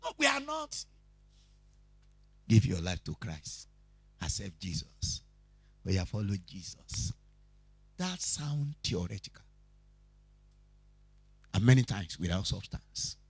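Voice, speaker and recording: A man's voice: sits low, slow pace, gravelly, pauses often, slightly rough, no echo. A man with a Nigerian accent, teaching a Bible study, who keeps asking his listeners questions and tells stories with energy. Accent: Nigerian, Yoruba-speaking. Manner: preachy, asks the audience questions, animated storytelling. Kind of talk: teaching sermon.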